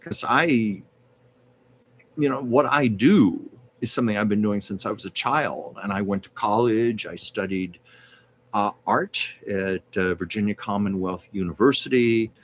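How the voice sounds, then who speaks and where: A man hosting a casual live stream and giving card readings, talking in a measured, reassuring way with frequent hesitations. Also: lowish voice, slight background noise.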